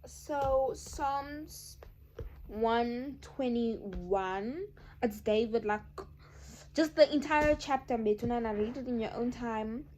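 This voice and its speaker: A woman's voice: a little high, slow, a little hiss or hum. Emphatic young woman vlogger. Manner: emphatic, animated, addresses viewers as guys. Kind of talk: casual chat to camera.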